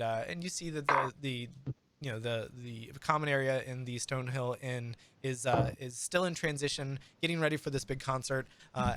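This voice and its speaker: A man's voice: medium pitch, background noise. A man narrating as game master in a tabletop game, rambling with plenty of fillers.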